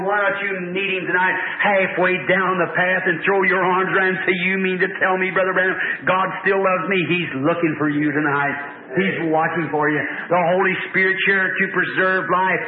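A high-pitched man preaches a fervent revival sermon, telling a story and swelling into loud cries. The recording sounds like a thin, phone-like old tape. It carries a roomy church echo. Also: slight background noise.

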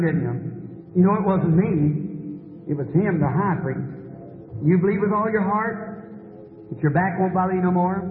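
A man's voice: high voice, slight background noise. A man preaching at a healing service, calling out people one by one in a commanding way. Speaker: evangelist. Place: large hall before a crowd. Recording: echoey hall, tinny old tape.

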